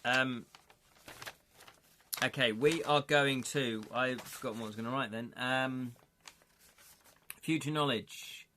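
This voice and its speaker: A man's voice: mid-range voice, fairly even intonation, takes it slowly, pauses often, sharp tone, a little hiss or hum. A man hosting a live stream, chatting casually and joking with his viewers while reading through a gamebook. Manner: chatty, jokey, talks to chat, laughs often. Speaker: livestream host reading a gamebook.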